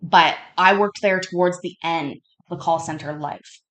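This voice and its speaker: Woman streamer, stoned, lower-pitched; casual and profane, keeps getting sidetracked. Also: normal speed, fairly bright tone. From Canada. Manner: chatty, profane, easily sidetracked. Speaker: streamer reacting to a court show. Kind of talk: casual rambling storytelling.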